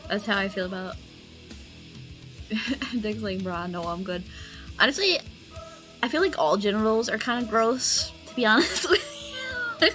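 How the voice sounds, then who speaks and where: A woman's voice: on the high side, expressive, normal speed, pauses often, sharp tone, soft background music, poor audio. A young woman streaming while she draws, chatting casually with lots of fillers, giggles and squealed reactions. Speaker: art streamer. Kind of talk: casual chat while drawing.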